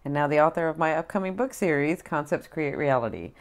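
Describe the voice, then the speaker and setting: A woman's voice: low voice, animated, fairly quick. A middle-aged woman tarot reader and spiritual advisor chatting casually to her viewers, effusive and repetitive, full of fillers. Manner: effusive, repeats herself, many fillers. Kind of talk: casual tarot chat to camera.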